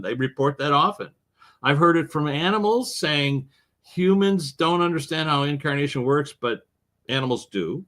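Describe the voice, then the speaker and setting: A man being interviewed as an author, telling stories in an animated way with wide swings in his voice. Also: a little high. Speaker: author and guest. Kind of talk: interview conversation.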